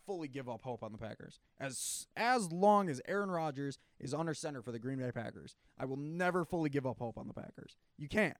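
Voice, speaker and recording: A man's voice: medium pitch, a little fast, hardly any pauses, no echo. Man losing his voice, arguing football. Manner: animated, trailing off and restarting, clears throat often. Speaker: sports talk co-host. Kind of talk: casual sports debate.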